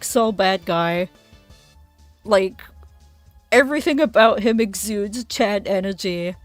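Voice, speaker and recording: A young woman streamer in casual chat while playing, giggly and animated, swearing freely. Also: medium pitch.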